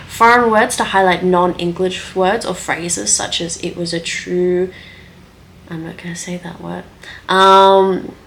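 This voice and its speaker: A woman's voice: mid-range voice, creaky, fairly bright tone, slight background noise. Chatty young woman thinking aloud. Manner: chatty, thinks aloud, many ums and likes. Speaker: writing vlogger. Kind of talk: casual screen-share talk.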